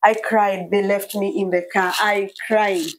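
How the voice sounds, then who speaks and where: A woman's voice: medium pitch, flat delivery, measured pace, crowd noise, rough recording. A woman giving an earnest, hesitant personal testimony as a guest in an interview. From Kenya. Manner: soft-spoken, hesitant, earnest. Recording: faint background noise.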